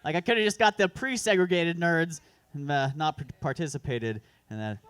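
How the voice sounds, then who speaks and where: A man's voice: on the high side, moderate pace, fairly bright tone, clean tone, dry recording. A man performing a crude, self-deprecating stand-up set at an open mic, rambling through asides. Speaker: stand-up comedian. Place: comedy club open mic.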